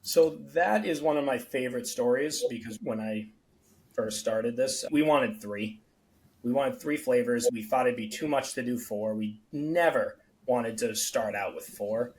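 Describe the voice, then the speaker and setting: A beverage company founder tells stories on a casual podcast in a mid-range voice at a measured pace. He's an animated storyteller who performs the quoted dialogue of the people involved, though the audio quality is poor.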